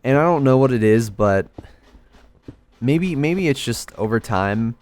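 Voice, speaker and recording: A man's voice: medium pitch, lively intonation, unhurried, a little mellow. A young man rambling through a story while playing a game, hesitant and self-deprecating. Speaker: gaming video creator. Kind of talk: casual storytelling over gameplay.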